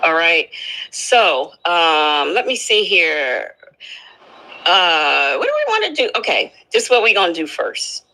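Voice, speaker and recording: A woman's voice: lowish voice, very animated, measured pace, bright, forceful tone, poor audio. A woman hosting a livestream, with a voice that sounds old, bossily directing her co-host. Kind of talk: casual livestream talk.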